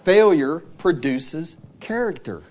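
A man's voice: fairly high pitch, lively intonation, takes it slowly, darkish tone. A man preaching an evening church sermon, earnest and full of rhetorical and tag questions, who also reads scripture aloud in old-fashioned wording.

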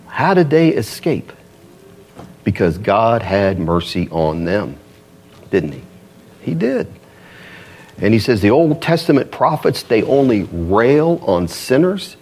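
A man preaching a sermon as pastor, animated, asking rhetorical questions and acting out quoted voices. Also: medium pitch, husky.

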